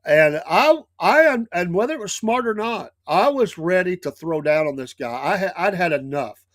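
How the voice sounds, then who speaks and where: A man's voice: high voice, normal speed, dry recording, clean studio sound. Rambling Southern man spinning a yarn. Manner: rambling, animated storyteller with many restarts. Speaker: show host. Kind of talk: casual storytelling talk.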